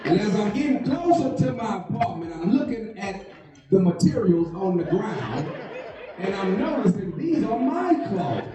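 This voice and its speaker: A man telling a stand-up story in animated, loose vernacular, laughing through his lines. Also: high-pitched, moderate pace, a crowd in the background. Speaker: stand-up comedian. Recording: roomy, distant, muffled live stage audio with music.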